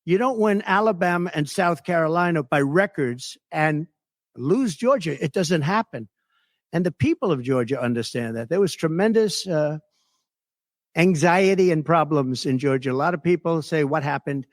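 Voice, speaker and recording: A man fielding reporters' questions at a press conference, boasting and repeating his points with heavy emphasis. His voice sits a little high for a man. The sound is dry and close. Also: expressive, moderate pace, no room sound. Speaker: political candidate at a press conference.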